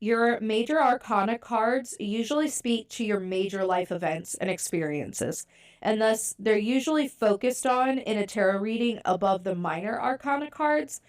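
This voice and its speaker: A woman's voice: on the high side, lively intonation, normal speed. Stuffy-nosed woman chatting casually. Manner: chatty, conversational, many fillers. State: stuffy nose. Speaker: podcast host. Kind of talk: casual podcast talk about tarot.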